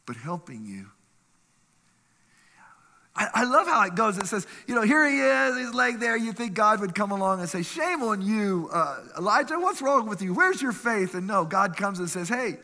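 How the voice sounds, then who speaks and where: A man preaching a sermon with lively energy. He reads scripture aloud, asks the congregation questions and laughs often. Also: high voice. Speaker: pastor. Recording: long reverb of a hall.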